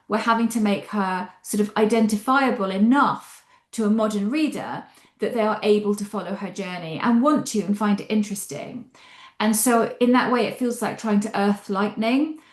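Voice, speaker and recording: A woman author explains her craft in an animated, expressive voice, often hedging as she thinks aloud. Her voice sits at an ordinary middle pitch. The recording carries a noticeable roomy echo. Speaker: novelist discussing her book. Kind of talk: interview answers.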